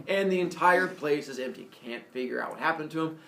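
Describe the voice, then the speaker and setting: A man casually retelling a myth as a comedy story, animated, with jokey asides and lots of fillers. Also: on the high side, fast, vocal fry, hardly any pauses. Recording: echoey room, mic far off.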